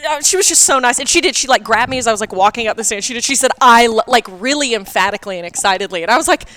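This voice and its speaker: In a relaxed podcast conversation, this female co-host tells stories animatedly and performs the quoted dialogue. Her voice is a little high and she talks very fast.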